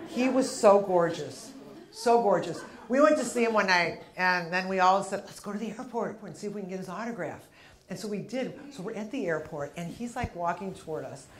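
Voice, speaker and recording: A woman in her fifties doing a punchy stand-up comedy routine in a comedy club, working the crowd. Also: mid-range voice. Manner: brash, punchy delivery with crowd work. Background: audience laughter.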